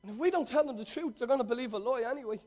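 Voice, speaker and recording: A man preaching a sermon, swinging between loud, excited storytelling and hushed, earnest talk, with a conversational, slangy manner. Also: very high-pitched, rapid-fire.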